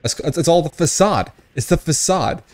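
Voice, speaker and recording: A man's voice: a little high, expressive, moderate pace, darkish tone. A young man giving casual, profane gameplay commentary, joking and tipsy from whiskey, with sudden outbursts at the game. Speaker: gaming streamer.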